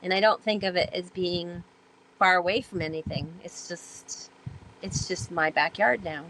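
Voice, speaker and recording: A woman guest on a podcast telling her stories in a chatty way, with many fillers, and growing animated when she acts out past talk. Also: lowish voice, unhurried, a little hiss or hum, poor audio. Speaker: podcast guest, sailor and author. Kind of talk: casual storytelling interview.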